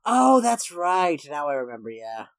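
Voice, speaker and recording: A man's voice: a little high, big pitch swings, normal speed, clear, resonant tone, no echo, clean studio sound. A man co-hosting a casual podcast, rambling through a movie recap with restarts and laughs. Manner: rambling, self-correcting, laughs while recapping. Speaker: podcast co-host.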